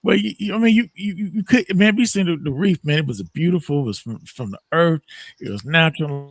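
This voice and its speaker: Expressive and slightly fast, a man with a somewhat high voice tells a story during casual chat on a morning talk show. He swears loosely and laughs loudly, with a close, dry sound and no room echo.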